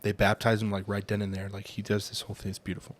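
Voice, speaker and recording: A man co-hosting a casual podcast, telling a story in a relaxed, halting way. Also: fairly low pitch. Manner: telling a story with fillers and restarts. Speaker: podcast co-host.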